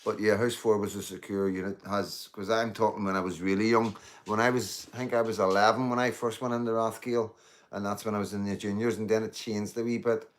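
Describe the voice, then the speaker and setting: A middle-aged streamer talks fairly quickly in a low-leaning voice with little pitch movement. Chatting casually, he rambles, curses freely and calls his viewers guys and mate.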